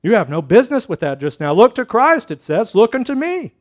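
A man's voice: sits high, big pitch swings, brisk, voice pushed up. A man voicing an insistent lay preacher. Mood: pleading. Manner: pleading, emphatic, rising louder. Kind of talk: sermon.

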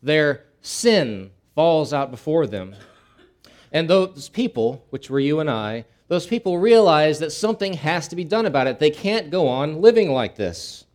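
A man's voice: fairly high pitch, sing-song, measured pace, darkish tone. Folksy male pastor preaching a sermon. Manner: folksy storytelling with frequent restarts.

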